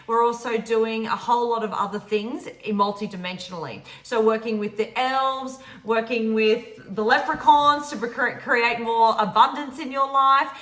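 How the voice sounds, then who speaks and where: A woman's voice: fairly high pitch, moderate pace, few pauses, fairly bright tone. A woman co-hosting a casual talk to camera, giving earnest, encouraging spiritual advice. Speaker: spiritual teacher and co-host. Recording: echoey room.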